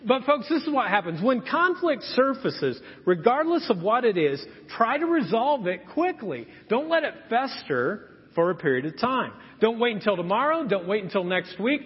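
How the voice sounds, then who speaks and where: Animated pastor preaching in an echoing hall. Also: male voice, sits high, moderate pace, slightly rough. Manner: animated storytelling, acting out quotes. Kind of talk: sermon. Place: church sanctuary. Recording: muffled sound in a reverberant church hall.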